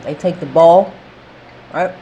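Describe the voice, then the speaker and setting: A woman's voice: on the low side, slow pace, mellow, lo-fi sound, a little hiss or hum. A woman talking straight to camera in a casual opinion vlog, emphatic and repetitive, checking in with "okay?". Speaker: vlogger.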